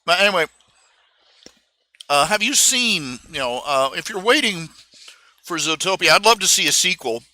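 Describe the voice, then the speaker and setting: Bright-voiced man rambling on a stream. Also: high voice, expressive, no echo. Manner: halting, full of fillers and restarts. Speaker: live stream host. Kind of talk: casual rambling monologue. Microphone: streaming microphone.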